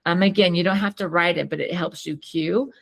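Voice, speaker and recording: A woman's voice: on the low side, fairly even intonation, brisk, vocal fry. A woman therapist and co-host in casual teaching chat, chatty, often restarting sentences and laughing while she tells stories.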